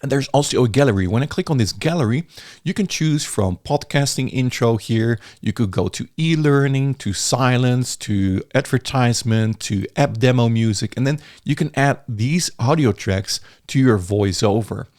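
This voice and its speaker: A man talks through a software tutorial in a relaxed, chatty way and sometimes restarts his words. His pitch sits in the middle. He is recorded dry at a desk mic. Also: normal speed, dry recording. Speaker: software reviewer. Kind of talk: casual screen-recorded tutorial.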